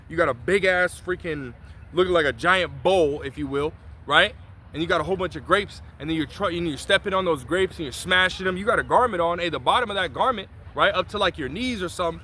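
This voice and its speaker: A man's voice: a little high, pushed and bright, a little hiss or hum. A man preaching outdoors on a city street, reading scripture and explaining it in loose, slangy, profane talk with many asides.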